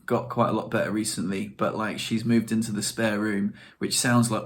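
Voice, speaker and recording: A man's voice: fairly low pitch, little pitch movement, a little fast, hardly any pauses, a little hiss or hum. A young man, chatting casually to camera in a rambling, self-deprecating way. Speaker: vlogger.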